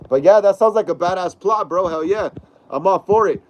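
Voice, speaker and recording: Speaking briskly in a high voice, this young guy is congested from a cold while running a laid-back home stream. He reads chat messages out loud and drops "bro" again and again.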